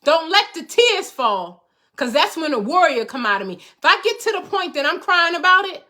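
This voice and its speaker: A woman's voice: very high voice, very animated, moderate pace, sharp tone. A middle-aged woman host giving an emphatic motivational talk to viewers, repeating phrases for rhythm like a preacher. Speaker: host, life coach.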